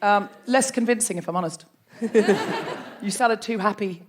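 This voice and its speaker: A woman's voice: medium pitch, normal speed. A woman hosting a live comedy podcast on a theatre stage, bubbly and teasing, laughing as she banters with guests. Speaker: host.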